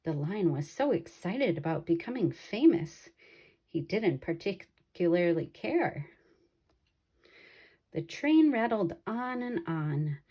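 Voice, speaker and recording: Female storybook reader, slow pace, warm and dark tone. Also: fairly low pitch, breathy edge. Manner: slow and expressive. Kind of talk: children's picture book read-aloud.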